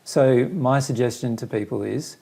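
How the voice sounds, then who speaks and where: A man with a gravelly, slightly husky voice speaks as a spiritual teacher in a relaxed conversation. He explains earnestly and patiently, reaching for simple everyday comparisons. His pitch sits at an ordinary middle height for a man. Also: normal speed.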